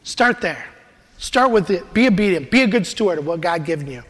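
A man preaching a sermon and telling a personal testimony in an animated storytelling manner. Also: sits high, brisk, in a large hall. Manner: animated storytelling, laughs while he talks.

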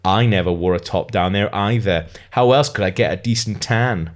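A man's voice: lowish voice, moderate pace, natural voice. A man reading a breezy flippant teen girl.

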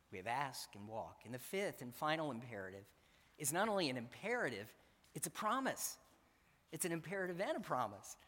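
A man's voice: a little high, a bit bright. A man preaching a sermon in an earnest, emphatic way, repeating his key phrases. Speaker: pastor. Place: church sanctuary. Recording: church hall reverb.

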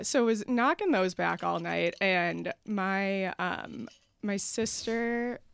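A young woman comedian telling a college story as a podcast guest, animated and laughing often as she acts out what people said. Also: on the low side, gravelly, clear, resonant tone, dry recording.

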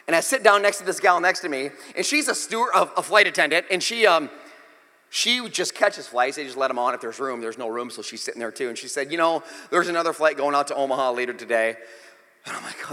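A man, a pastor, telling a lively story from the pulpit and acting out the dialogue dramatically. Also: a little high, fast talker, in a large hall. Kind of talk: storytelling sermon.

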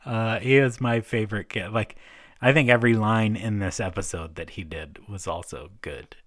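A woman's voice: extremely low pitch, moderate pace, no echo, clean studio sound. A woman co-hosting a podcast, chatting in a laid-back way about a TV episode. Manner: laid-back, short agreeing replies. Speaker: podcast co-host. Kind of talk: casual chat reviewing a TV episode.

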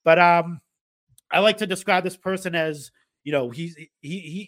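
A man hosts a casual podcast in a rambling way, full of fillers and restarts. His voice sits a bit high for a man. The recording is close and dry, with no room sound. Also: normal speed, a bit bright, dry recording. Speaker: podcast host.

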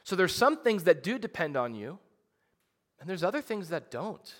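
Animated male pastor preaching. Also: high voice, normal speed, big-room sound. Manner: animated, conversational preaching with frequent restarts. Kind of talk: sermon.

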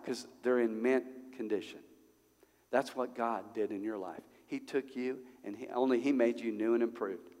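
A male pastor preaching a sermon at a church service, conversational and animated, full of rhetorical questions. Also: mid-range voice, normal speed. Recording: long hall reverb.

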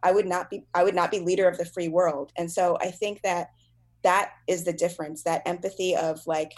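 A woman comedian talking casually in an animated, self-deprecating way, laughing often. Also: on the low side, fairly quick. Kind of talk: casual conversation.

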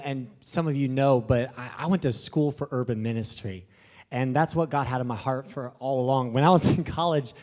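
A young man, a new pastor, giving an emotional and excited testimony to a congregation, talking casually and swinging from soft to shouting. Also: medium pitch. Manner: casual slang, breathless excitement. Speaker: young pastor planting a church.

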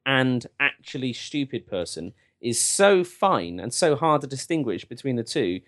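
A man's voice: medium pitch, sing-song, a little slow, a bit bright. A man hosting a podcast, chatting in a wry, joking way. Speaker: podcast host. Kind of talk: casual chat.

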